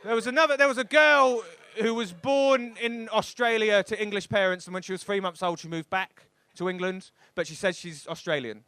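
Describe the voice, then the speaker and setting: A young man doing a rambling, animated stand-up routine on a comedy club stage, bursting into loud shouts. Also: high-pitched, normal speed, hardly any pauses, smooth.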